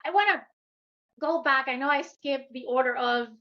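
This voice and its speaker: A woman with a high, bright voice hosts a podcast interview and answers her guest with encouraging follow-ups. The recording sounds slightly dull and lo-fi. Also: normal speed. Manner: engaged, affirming interviewer. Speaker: podcast host.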